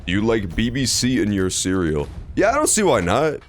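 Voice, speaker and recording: Over slight background noise, a man streams a game at normal speed with wildly swooping pitch. He jokes and curses plenty in his casual commentary, bouncing between high and low.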